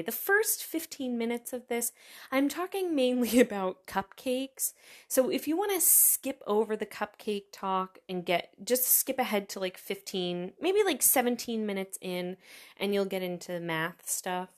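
A woman hosting her own podcast, chatting in a casual, rambling, self-deprecating way, tired after little sleep. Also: medium pitch. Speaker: podcast host. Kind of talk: casual solo podcast chat.

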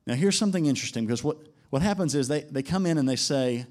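A man preaching a sermon to his congregation in an animated way, climbing to emphatic peaks and slowing down for quoted lines. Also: a little high. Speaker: pastor.

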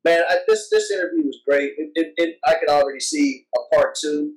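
A man hosts a podcast in relaxed conversation, eager and tripping over restarts as he talks. His voice sits a little away from the microphone. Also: fairly high pitch, fairly quick, creaky, recorded from a distance, rough recording. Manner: restarts and stumbles, enthusiastic. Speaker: podcast host. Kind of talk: casual chat.

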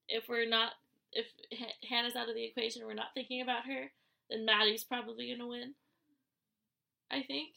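A woman with a sick voice co-hosting a casual podcast. Her voice sits a little high, bright and crackly with fry. She speculates earnestly. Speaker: podcast co-host. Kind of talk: casual chat about a reality TV show.

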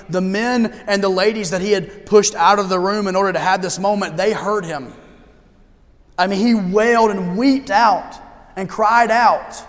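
High-voiced male pastor in reverberant church. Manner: conversational preaching with humor and emphatic slowdowns. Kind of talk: sermon. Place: church sanctuary.

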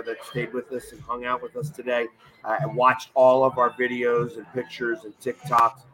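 A man co-hosting a casual sports talk show, telling lively anecdotes and quoting people in a raised voice. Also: mid-range voice, poor audio. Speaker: podcast co-host. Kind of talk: casual chat, storytelling.

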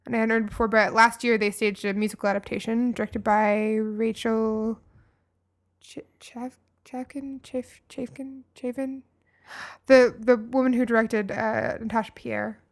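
A woman's voice: fairly high pitch, fairly even intonation, unhurried. A woman co-hosting a casual music podcast, chatting with many ums and restarts. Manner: hesitant, lots of ums and restarts. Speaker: podcast co-host.

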